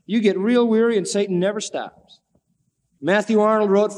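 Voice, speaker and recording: A man preaching a sermon, telling a scripture story in an animated way and acting out the characters' pleading words. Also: sits high, moderate pace, long pauses. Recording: long hall reverb.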